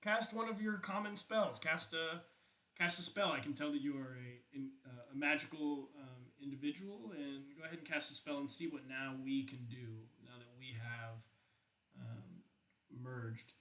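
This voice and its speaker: A man voicing a talking helmet with a calm, curious woman's voice, speaking in a measured, questioning way. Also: mid-range voice, roomy sound, lightly acted, poor audio. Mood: coaxing. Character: disembodied female helmet spirit, curious, calm.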